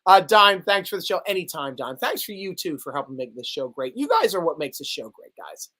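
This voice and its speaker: A man hosts a live sports chat stream with a bright, forceful voice whose pitch bounces all over. He jokes around playfully and laughs often, keeping it loose and casual. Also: brisk. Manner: playful, joking, animated. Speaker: sports show host.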